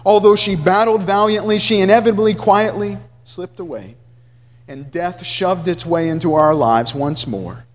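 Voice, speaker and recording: Preacher reading with quiet emotion in a hall. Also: male voice, high voice. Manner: earnest, slow, emotional reading that sinks soft at grave parts. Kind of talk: sermon reading from a book.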